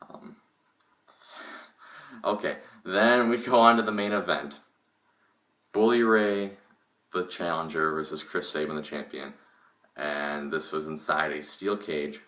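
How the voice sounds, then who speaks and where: A man's voice: extremely low pitch, sharp tone, distant mic. A young man casually reviewing a wrestling show, opinionated and rambling, with lots of fillers and restarts. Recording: echoey room, voice from off the mic.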